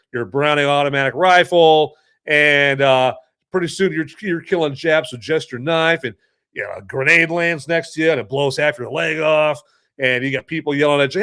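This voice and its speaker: A man hosting a podcast in a casual monologue, telling stories in a rambling, joking and animated way. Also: fairly high pitch, clean tone. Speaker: podcast host and movie reviewer.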